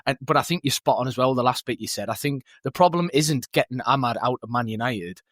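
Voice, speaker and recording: A man with a North East English accent, co-hosting a football podcast, lively and colloquial with frequent laughs. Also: medium pitch, fast talker, dry recording, clean studio sound. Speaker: podcast co-host. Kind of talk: casual football chat.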